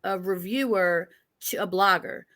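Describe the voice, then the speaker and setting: A woman's voice: mid-range voice, measured pace, fairly bright tone. A woman from New York with a New York accent, hosting an interview in a chatty, joking, rambling way. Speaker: interview host. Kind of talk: casual chat interview.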